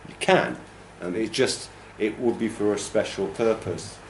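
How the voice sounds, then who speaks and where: A man's voice: on the low side, unhurried, roomy sound, a little hiss or hum. A man teaching a training class, explaining pronunciation and demonstrating stress patterns aloud. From United Kingdom. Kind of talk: classroom lecture.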